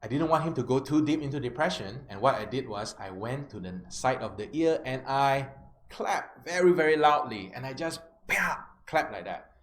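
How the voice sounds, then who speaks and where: A man's voice: medium pitch, lively intonation, normal speed. A man, a life coach telling a client story as a self-help lesson, often checking in with his listeners. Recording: roomy with faint background noise.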